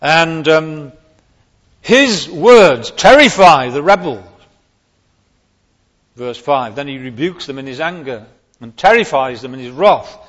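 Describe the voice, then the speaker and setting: A man's voice: fairly high pitch, lively intonation, slow pace, long pauses, fairly bright tone. A man preaching a sermon on a psalm, stressing key words emphatically and rising sharply on them. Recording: long hall reverb, dull lo-fi sound.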